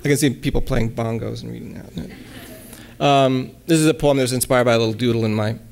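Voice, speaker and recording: A man giving a relaxed lecture at a college, hesitating often with ums and restarts and reading his own poems aloud. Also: medium pitch, a little fast, creaky, a crowd in the background. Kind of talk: casual lecture with poem readings.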